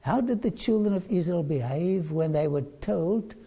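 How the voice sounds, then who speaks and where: A preacher retells a Bible story in a sermon, slowly putting questions straight to the listeners. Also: medium pitch, lively intonation, warm tone, breathy edge. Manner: slow, questioning listeners directly.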